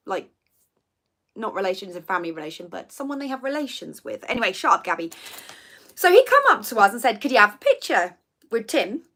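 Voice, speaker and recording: A woman's voice: medium pitch, sing-song, brisk, sharp tone. A middle-aged woman, chatting casually as host of a livestream and telling stories with plenty of asides. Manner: chatty storytelling with laughs and asides. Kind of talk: casual chat.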